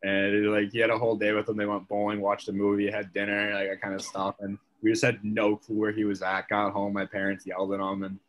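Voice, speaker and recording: A man's voice: fairly low pitch, completely flat delivery, fairly quick, few pauses, fairly bright tone. A young man, a podcast guest, telling a story in casual chat, leaning on "like" as a filler. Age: young adult. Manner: chatty, filler-heavy, leans on "like".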